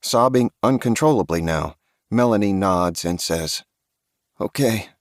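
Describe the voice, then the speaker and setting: A man's voice: sits low, normal speed, dry recording, clean studio sound. A man reading a first-person horror audiobook with a grave, tense storytelling manner. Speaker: audiobook narrator.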